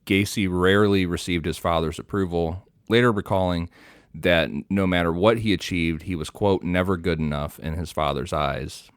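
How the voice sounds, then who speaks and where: A man co-hosting a podcast, reading his prepared research notes in a steady, matter-of-fact way. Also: sits low, moderate pace, clear, resonant tone, dry recording, clean studio sound.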